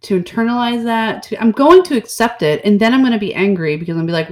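A woman's voice: medium pitch, fast, few pauses. A woman co-hosting a casual podcast chat, joking and swearing as she talks. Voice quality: animated, jokey, swears casually. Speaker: podcast co-host.

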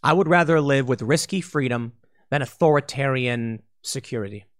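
A man's voice: mid-range voice, moderate pace. A man giving a blunt opinion monologue as a political commentator, emphatic and full of slang.

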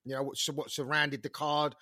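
A man's voice: a little high, little pitch movement, normal speed, sharp tone, dry recording, studio quality. A man in his thirties co-hosting a podcast with easygoing, sweary banter in casual chat. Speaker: podcast co-host.

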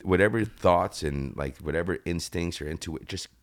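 A man in his fifties from the United States, a guest actor telling animated stories in a casual interview and swearing freely. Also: deep voice, normal speed. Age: 50s.

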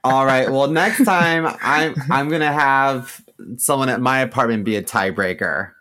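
A man's voice: medium pitch, unhurried, pushed and bright. A man co-hosting a podcast in casual chat, trading dry, teasing jokes. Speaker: podcast co-host.

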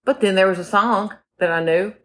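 A woman's voice: mid-range voice, brisk, fairly bright tone. A woman in her forties co-hosting a podcast, telling rambling stories in casual chat and talking straight to her listeners. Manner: rambling, chatty storyteller who talks to listeners directly. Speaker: podcast co-host.

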